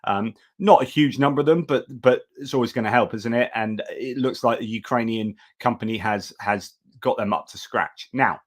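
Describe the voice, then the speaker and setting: A man's voice: medium pitch, normal speed, hardly any pauses. A middle-aged man hosting a casual live news stream, talking in a chatty way and breaking off to thank viewers. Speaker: livestream news host.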